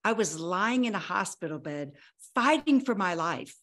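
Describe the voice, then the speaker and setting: A woman's voice: mid-range voice, lively intonation, normal speed, a bit bright. A woman in her sixties, a guest on an interview podcast, telling her own life story dramatically and acting out remembered dialogue. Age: 60s. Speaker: guest, health coach.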